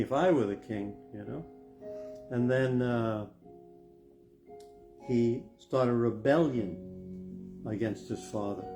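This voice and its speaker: A man's voice: a little high, darkish tone. An older man, a pastor, preaching a sermon in an earnest, reflective way that builds to emphatic stress. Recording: music playing behind the voice. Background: guitar music.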